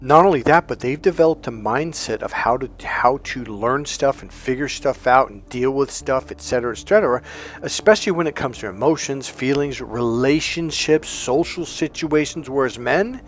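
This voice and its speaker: A man's voice: mid-range voice, animated, normal speed. A man talking as a dating coach, blunt and profane, often quoting others in put-on voices. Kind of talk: coaching monologue.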